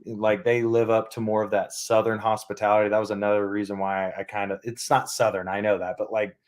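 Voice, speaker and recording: A man's voice: lowish voice, level tone, fairly quick. A young man from Alabama, a podcast guest in casual interview chat over a remote call, easygoing and thinking aloud with many fillers.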